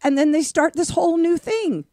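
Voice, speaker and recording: A woman from the American Midwest co-hosting a live stream, teasing and animated, often breaking into laughter. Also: very high-pitched, normal speed, no room sound, studio quality. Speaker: co-host. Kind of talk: casual live-stream banter.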